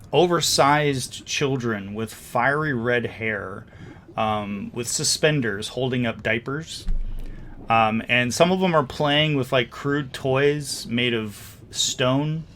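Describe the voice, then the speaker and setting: A man's voice: mid-range voice, a bit bright, slight background noise. Man narrating as game master, casual. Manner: casual, hesitant narration with many fillers.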